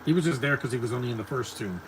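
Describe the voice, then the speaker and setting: A man's voice: medium pitch, lively intonation, very fast, noisy background. A man giving casual live commentary over a movie, rambling and stumbling over repeated words.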